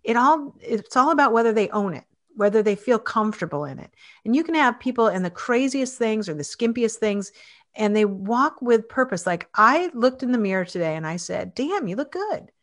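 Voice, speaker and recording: Chatty lady in her fifties, hosting a relaxed chat, lots of you-knows. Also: on the high side, moderate pace. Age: 50s. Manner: chatty, many restarts and fillers. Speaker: host. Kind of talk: casual interview chat.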